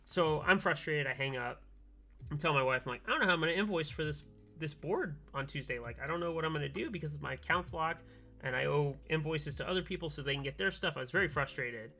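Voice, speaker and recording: A man streaming from his workbench, telling a long story in animated casual chat and acting out both sides of a phone call. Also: fairly high pitch, quick pace, creaky, faint music behind. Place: home workbench, soldering keyboards.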